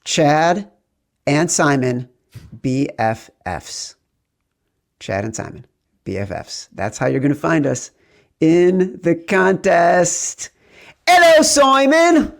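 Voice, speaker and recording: Excitable man hosting a betting podcast. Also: a little high, slow, creaky, long pauses. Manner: excitable, playful, sing-song greetings. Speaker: podcast host. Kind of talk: sports betting podcast chat.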